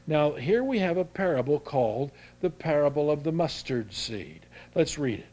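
An older man preaching a sermon in a folksy, halting way, restarting his sentences often and rising in pitch and volume as he presses a point. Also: very animated, a little mellow. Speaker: pastor.

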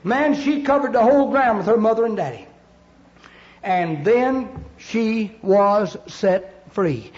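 A man's voice: high-pitched, lively intonation, slow, darkish tone. A man preaching an emphatic revival sermon, telling a story with a repetitive, pleading cadence to his congregation. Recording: echoey lo-fi church recording.

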